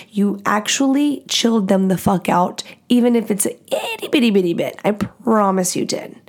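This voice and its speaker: A young woman hosts her podcast alone, handing out relationship advice in blunt, profane, casual talk. Her voice is mellow and warm, pitched mid-range for a woman. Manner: blunt and profane, fast and animated. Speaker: podcast host.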